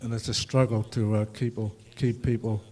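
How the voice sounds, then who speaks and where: Older Englishman, mellow rambling storyteller. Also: mid-range voice, little pitch movement, normal speed. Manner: rambling, chatty storytelling with many fillers and dry humor. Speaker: ragtime musician speaking at a festival. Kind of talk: anecdotal talk to an audience.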